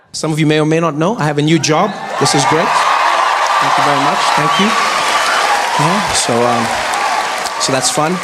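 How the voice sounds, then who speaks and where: A male stand-up comedian telling stories on a live stage in an animated, playful way, using a handheld mic. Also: on the high side, measured pace, pauses often, over a noisy crowd. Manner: animated, playful storytelling with big vocal swings. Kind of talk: stand-up storytelling. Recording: live comedy club with noise.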